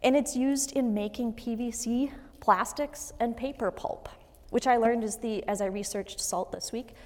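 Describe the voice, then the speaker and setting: Lady pastor preaching, kinda high voice, long church reverb. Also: steady tone. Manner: measured, earnest preaching with light asides. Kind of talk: sermon.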